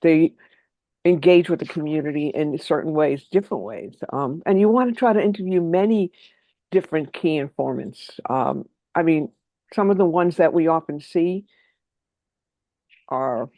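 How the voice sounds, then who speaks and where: A trainer giving an online workshop, talking quickly and keeping the audience involved by asking them for answers. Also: medium pitch, dry recording. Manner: lively, quick and engaging, invites answers from the audience.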